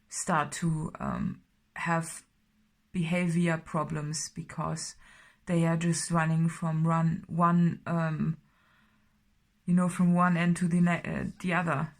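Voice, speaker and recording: A woman's voice: low voice, vocal fry. A woman doing a casual tarot reading, talking in a rambling way with many fillers and sometimes dropping to a whisper. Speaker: tarot reader.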